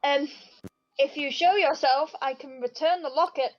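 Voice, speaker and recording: A woman's voice: sits high, moderate pace, dull audio. A woman playing a tabletop game, blunt and laughing, swearing casually. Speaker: player. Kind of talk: casual tabletop role-play.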